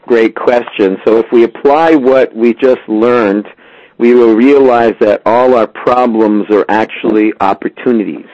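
A man's voice: medium pitch, no echo. A man teaching a religious class, answering a listener's question and bringing his points to life with little acted-out stories. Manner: animated storyteller who acts out little scenes. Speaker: Torah teacher. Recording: dull lo-fi dry sound.

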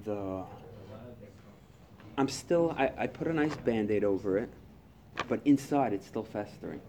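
A man speaking to a recovery group, animated, acting out his own inner voice and past phone calls. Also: fairly low pitch, a little slow, long pauses, a little hiss or hum.

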